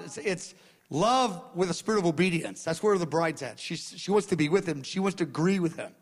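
Male preacher, high voice, earnest sermon, repeats phrases, soft murmurs to loud bursts.

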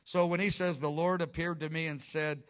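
A man's voice: on the high side, steady tone, normal speed, a bit bright, clean tone. A man preaching a sermon with earnest emphasis, often restarting phrases and acting out quotes. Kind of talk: sermon teaching.

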